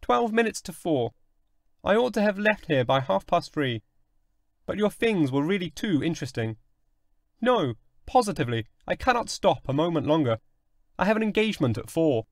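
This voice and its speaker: A pale, intense male visitor with a clipped, polite way of speaking, read by a male storyteller. His voice is lifted a little above the reader's own and moves lively in pitch. It is recorded close and dry. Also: moderate pace, no echo. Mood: hurried polite.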